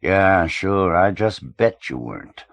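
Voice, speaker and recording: A man's voice: low-pitched, animated, takes it slowly, a bit bright, dry recording, heavily acted. A man reading the part of a menacing young street tough who drawls taunts and threats, in an audiobook. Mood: taunting.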